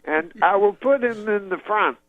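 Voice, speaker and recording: A man doing a halting, high-voiced older comedian. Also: no echo, narrow, tinny audio, close to an everyday voice. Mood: grand. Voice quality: high, clipped, no full sentences. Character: halting older male comedian, fragmented speech.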